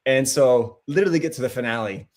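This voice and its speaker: Man telling an animated story. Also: mid-range voice, fast. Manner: lively storyteller, acts out quoted voices. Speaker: actor, podcast guest. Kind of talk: casual anecdote telling.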